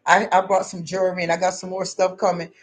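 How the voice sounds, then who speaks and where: A woman's voice: on the low side, little pitch movement, quick pace. A woman vlogger giving a preachy spiritual pep talk to her viewers, emphatic and repetitive, with casual slang. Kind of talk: preachy motivational monologue.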